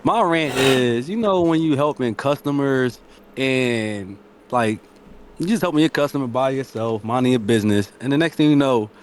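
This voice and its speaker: A man's voice: medium pitch, moderate pace, a little hiss or hum. A man with a Philadelphia accent, a podcast guest giving an emphatic, slangy rant over a video call. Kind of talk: casual chat.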